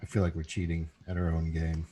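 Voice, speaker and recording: A man's voice: a bass voice, monotone, fairly quick, dark tone, a little hiss or hum. A man running a tabletop game, reading out event cards with dry humor in casual banter.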